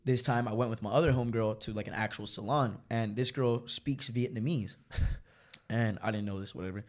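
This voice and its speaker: A young man in casual chat with friends, telling animated, profanity-heavy stories peppered with "like" and "bro". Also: lowish voice, fairly quick. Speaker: storyteller guest.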